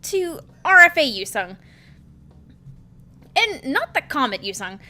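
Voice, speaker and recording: A woman reading a game character's chat lines aloud, voicing an excitable young male hacker in a bouncy, earnest way. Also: sits high, slow pace, full character voice.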